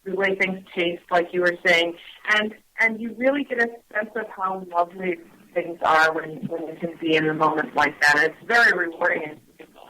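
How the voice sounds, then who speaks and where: A woman guest on a radio talk show who explains things gently and hesitantly, with many pauses and restarts. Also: on the low side, fairly even intonation, rough recording. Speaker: guest on mindfulness. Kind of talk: casual radio chat.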